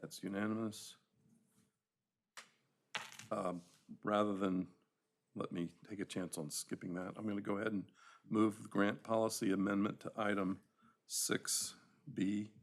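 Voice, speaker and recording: Gravelly low-voiced meeting chair. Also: male voice, little pitch movement, unhurried, pauses often. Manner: procedural, hesitant.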